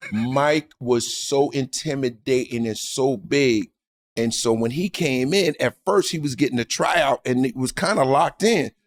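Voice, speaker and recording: A man who is a guest comedian, telling stories in a lively, laughing way and acting out the people in them. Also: mid-range voice, measured pace. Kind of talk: animated storytelling.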